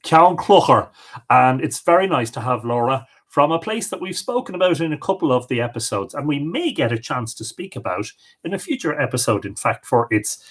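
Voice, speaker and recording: A man's voice: medium pitch, big pitch swings, a little fast, fairly bright tone. A middle-aged man with an Irish accent, hosting a livestream in a chatty way and reading out viewer comments. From Ireland. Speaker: livestream host. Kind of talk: casual live-stream greetings.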